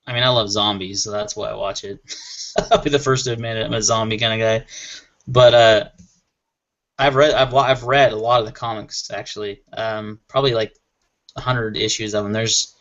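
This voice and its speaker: A man's voice: lowish voice, steady tone, normal speed, long pauses, a bit bright. A man on a panel chat show, talking casually and with enthusiasm, rambling a little and laughing often. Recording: muffled lo-fi audio.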